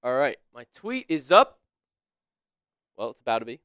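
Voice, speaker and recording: A man co-hosting a casual sports live stream, excitable and quick to laugh, reading viewers' names aloud as he calls the plays. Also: mid-range voice, smooth, no echo.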